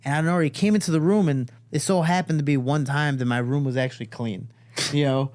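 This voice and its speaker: A fast-talking Chicago man with a voice on the high side tells a family story casually in a studio. When he quotes relatives, he acts them out in a raised, animated voice.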